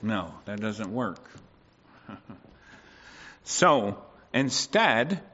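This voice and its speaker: A man's voice: mid-range voice, a little slow, bright, forceful tone, highs cut off. A man preaching a sermon to a congregation, often asking them for agreement and acting out quoted voices.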